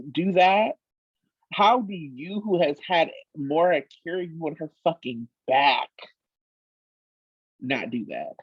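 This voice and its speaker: Woman podcast co-host, husky and lively, emphatic and cursing, slightly muffled lo-fi sound. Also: on the low side, no room sound. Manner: emphatic, animated, swears freely. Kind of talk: casual chat.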